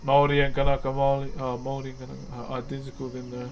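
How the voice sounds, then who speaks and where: A man's voice: medium pitch, monotone, racing. A man with a New Zealand accent chatting casually with viewers on a live stream, easygoing and calling everyone bro. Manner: laid-back, calls viewers brother and bro.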